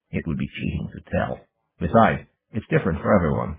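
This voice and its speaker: Gravelly male audiobook narrator. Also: a bass voice, expressive, brisk. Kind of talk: first-person novel narration. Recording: tinny lo-fi audiobook recording.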